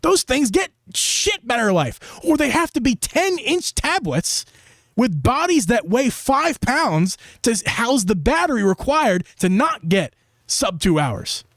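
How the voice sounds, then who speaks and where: A man's voice: very high-pitched, big pitch swings, unhurried, fairly bright tone, dry recording, clean studio sound. A man co-hosting a casual gaming podcast, talking emphatically and chiming in with agreement. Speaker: podcast co-host. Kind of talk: casual chat.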